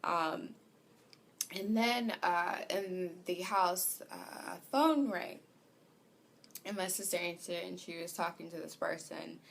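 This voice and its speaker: A woman telling a personal story, hesitant and full of fillers, her voice growing softer as she goes. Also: on the low side, slow pace, creaky, slight background noise. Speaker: vlogger. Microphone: home recording.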